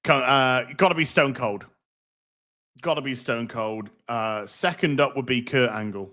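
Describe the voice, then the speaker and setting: Rambling, swearing streamer. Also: male voice, mid-range voice, measured pace, bright, forceful tone. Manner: rambling, swears freely, reads out donations. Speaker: livestream host. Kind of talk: casual livestream chat.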